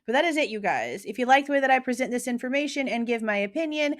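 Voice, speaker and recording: A woman's voice: high-pitched, lively intonation, fast talker. A woman hosting true crime commentary, talking casually in a slangy, emphatic, opinionated way.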